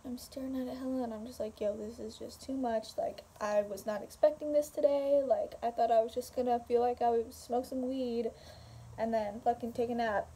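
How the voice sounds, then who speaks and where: A woman's voice: a little high, fairly even intonation, a little fast, mellow, a little hiss or hum. A young woman casually telling a story to camera at home, rambling with fillers and swearing. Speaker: vlogger. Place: home room.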